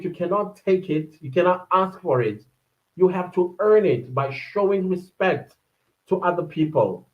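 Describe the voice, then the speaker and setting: Chatty and animated, a South African woman reads out viewer comments during a casual livestream, tossing in quick asides and laughter. Her audio comes through dull and muffled, with a lo-fi livestream quality.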